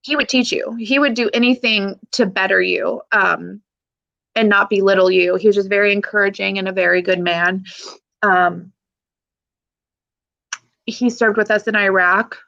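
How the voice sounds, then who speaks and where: This Pacific Northwest woman in her thirties, a former soldier appearing on a podcast, speaks candidly and with feeling, swearing offhandedly and laughing often. Her mid-range voice is gravelly, bright, and forceful, with fairly even intonation, a moderate pace, and long pauses, all on dull audio.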